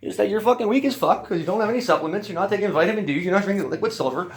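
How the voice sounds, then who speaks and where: A man's voice: sits high, rapid-fire. A man telling a rambling story as a podcast guest, swearing often and ranting with energy. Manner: profane, animated ranting.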